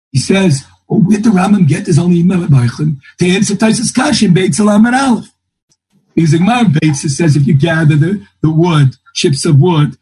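Husky man teaching a Talmud class. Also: high-pitched, darkish tone, poor audio. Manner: thinking aloud, restarts and quotes texts in a singsong. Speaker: Torah teacher.

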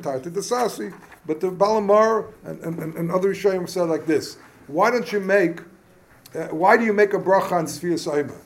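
A man teaching an informal Talmud class who halts, repeats words and keeps asking rhetorical questions. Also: high-pitched. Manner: mixes Yiddish-Hebrew study terms into speech.

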